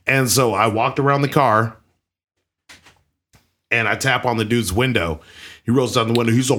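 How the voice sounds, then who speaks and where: A man's voice: mid-range voice, moderate pace, long pauses. A man telling a rowdy story in casual talk, swearing heavily and laughing as he goes. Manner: animated, heavy swearing, laughing.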